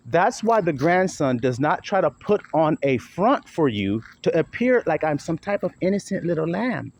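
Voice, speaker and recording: Here the online preacher's voice is a little high and slightly mellow. He preaches in a blunt, emphatic, profane manner, frequently acting out quotations, over a faintly hissing, dull lo-fi recording.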